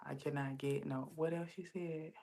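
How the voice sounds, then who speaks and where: A woman's voice: low voice, fairly even intonation, moderate pace, vocal fry, mellow. A woman hosting a casual livestream, chatting straight to her viewers and telling stories. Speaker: livestream host.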